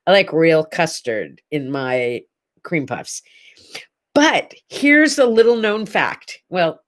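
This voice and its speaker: A middle-aged woman hosting a casual morning chat show, talking straight to the camera in a gushing, rambling way full of asides. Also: lowish voice. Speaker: host.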